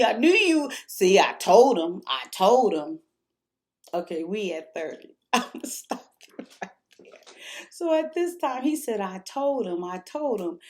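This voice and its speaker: A woman with a high, bright voice tells a rambling story straight to camera in a casual vlog. She talks in an animated way and laughs between lines. She is drinking while she talks. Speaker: vlogger.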